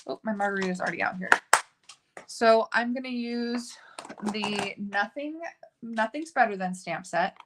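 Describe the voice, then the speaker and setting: A woman's voice: on the high side, a little fast, noisy background. A woman hosting a casual card-making tutorial, talking in a chatty, upbeat way with a few fillers as she works.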